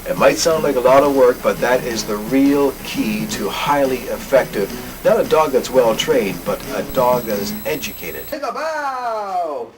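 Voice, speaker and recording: A man teaching dog tricks in a plain, explaining way, with bursts of high, cheerful praise for the dog. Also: normal speed. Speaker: dog trainer. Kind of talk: instructional talk. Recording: music playing underneath.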